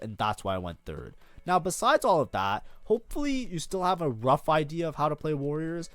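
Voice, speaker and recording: A man's voice: a little high, dry recording. A man reviewing his own match as a streamer, swearing freely, bursting into frustrated outbursts and blaming himself. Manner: self-critical, talks constantly. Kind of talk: casual gameplay commentary.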